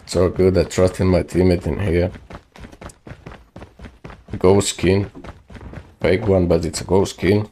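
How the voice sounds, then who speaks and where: A man streaming a mobile shooter game, loudly teasing his teammate and calling out directions in voice chat. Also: deep voice, level tone, takes it slowly, long pauses, a little hiss or hum. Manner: loud, teasing, calls out directions. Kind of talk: excited team voice chat during gameplay.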